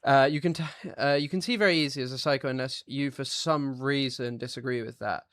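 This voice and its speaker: A man's voice: mid-range voice, steady tone, a little fast, fairly bright tone, no room sound, studio quality. Blunt man answering livestream chat. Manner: reads out and answers viewer chat, offhand and blunt. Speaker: streamer.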